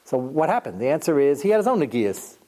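A man giving an informal Torah lesson in a conversational, animated way, with lively rises as he acts out quotes. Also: fairly high pitch, quick pace. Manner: conversational with fillers and asides. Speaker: rabbi teaching a Torah class.

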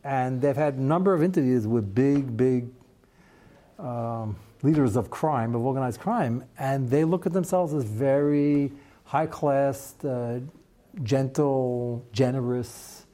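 A man teaching a Talmud class, mixing Hebrew terms into a lively lecture and acting out quoted exchanges. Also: takes it slowly. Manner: animated, acts out quoted exchanges with shifting pitch.

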